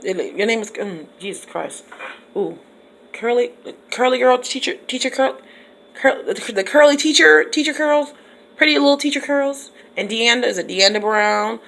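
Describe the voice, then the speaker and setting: A woman's voice: fairly high pitch, moderate pace, creaky, a bit bright. A woman teacher from Michigan, chatting casually in her car and laughing often. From Michigan, USA. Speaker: teacher and vlogger. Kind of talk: casual chat.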